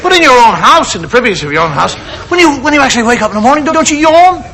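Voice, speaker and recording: A middle-aged man doing a relaxed stand-up monologue on stage, acting out gestures and noises as he talks. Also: very high-pitched, rapid-fire. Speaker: stand-up comedian. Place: stage before a live audience. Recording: vintage TV broadcast with audience noise and hiss. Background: audience laughter.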